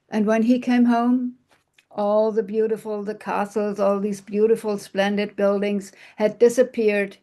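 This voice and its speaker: A woman telling a fairy tale aloud, in a slow, expressive manner with hushed moments. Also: medium pitch. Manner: slow, expressive, with soft sighs and hushed passages. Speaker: storyteller. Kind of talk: oral fairy-tale storytelling.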